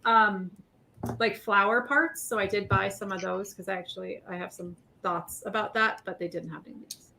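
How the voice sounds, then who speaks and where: A woman chatting excitedly during a casual building stream with friends. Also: medium pitch, moderate pace, gravelly, a little hiss or hum, low-quality recording. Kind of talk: casual group chat.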